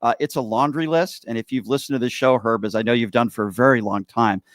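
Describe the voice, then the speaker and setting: A man's voice: medium pitch, fairly even intonation, fast talker, dry recording, studio quality. A man hosting a political call-in show, talking bluntly and sarcastically, fired up. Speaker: radio show host.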